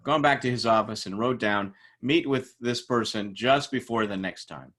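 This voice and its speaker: A man's voice: on the low side, moderate pace. A middle-aged man teaching a class in a casual lecture style, telling workplace stories and acting out the people in them. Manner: animated storytelling, acts out quoted people. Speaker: instructor. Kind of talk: informal lecture with anecdotes.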